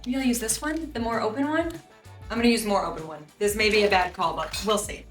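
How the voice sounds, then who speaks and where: A woman's voice: mid-range voice, fast talker, roomy sound, soft background music. A young woman hosting a casual home baking vlog in her kitchen, chatty and self-deprecating and laughing often. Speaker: baking show host.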